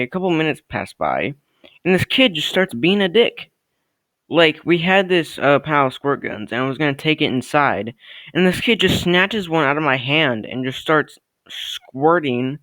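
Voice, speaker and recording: A man's voice: fairly high pitch, moderate pace, sharp tone, dry recording, poor audio. Young man swearing through a rambling story. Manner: rambling, profane, lots of fillers. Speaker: storytime vlogger. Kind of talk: casual storytelling to camera.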